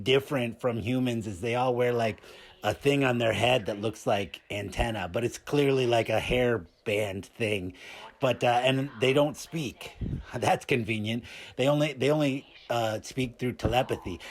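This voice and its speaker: A man's voice: mid-range voice, expressive, moderate pace. A man voicing a cheeky, randy male puppet who reviews movies, rambling and stammering through his comedic review with constant filler words. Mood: bemused.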